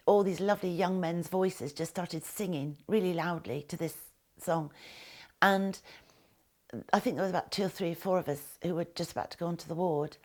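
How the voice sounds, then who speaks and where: An older woman recalling her time as a war nurse, speaking hesitantly with many pauses and restarts. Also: lowish voice, darkish tone. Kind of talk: spoken recollection to camera.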